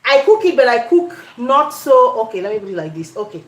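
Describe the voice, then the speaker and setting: Cameroonian-accented woman, high voice, chatty cooking host, echoey home kitchen. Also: sing-song, brisk. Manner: chatty, addresses viewers, breaks into Pidgin. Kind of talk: casual cooking demonstration.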